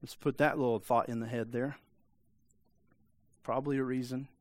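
A man's voice: medium pitch, fairly even intonation, moderate pace, no echo. A man as pastor preaching a sermon in a conversational, emphatic way, asking rhetorical questions and acting out quoted voices.

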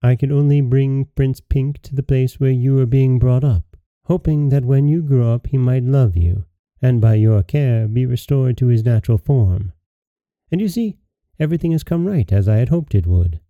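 A man voicing a gracious, motherly fairy queen in a storybook reading, soft and stately, on a dry, dull lo-fi recording. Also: mid-range voice, moderate pace, no room sound, natural voice.

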